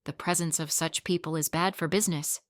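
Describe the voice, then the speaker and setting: A woman's voice: deep voice, fairly even intonation, fairly quick, dry recording, clean studio sound, natural voice. A woman voicing an irritable, fussy male cafe manager in a storybook reading.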